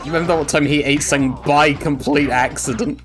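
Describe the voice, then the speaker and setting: Joking man, slightly high voice. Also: fairly even intonation, fast. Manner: jokey, teasing, swears. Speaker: co-streamer. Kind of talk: casual chat over gameplay. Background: game music.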